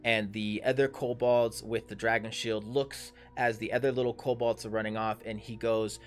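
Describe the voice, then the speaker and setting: A man's voice: lowish voice, little pitch movement, normal speed, soft background music. A man in his thirties narrating a tabletop game as game master, hesitant and full of fillers. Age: 30s.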